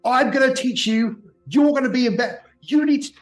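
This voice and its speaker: A man voicing a raging, unhinged female villain who rants and stammers, swinging between fury and quiet menace. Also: medium pitch, big pitch swings, a little slow, faint music behind.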